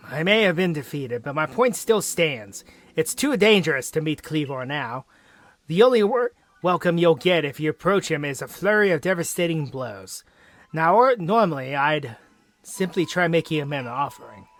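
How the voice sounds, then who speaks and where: A man's voice: a little high, expressive, a little slow, a bit bright, dry recording. A man voicing a boastful, proud male clan warden for a game, with pompous, grandiose declarations. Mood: grave.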